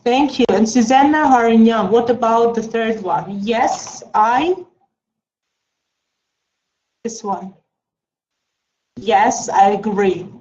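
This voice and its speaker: A woman teaching an English class online, slow and coaxing, with many mm-hmms. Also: a little high, darkish tone. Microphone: video call. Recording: dull lo-fi video call.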